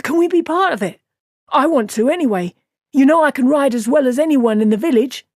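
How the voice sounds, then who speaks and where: A woman's voice: high voice, a little fast, no room sound, clean studio sound, pitched above the performer's own voice. A woman voicing an eager, boastful young village man. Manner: excited, pushy.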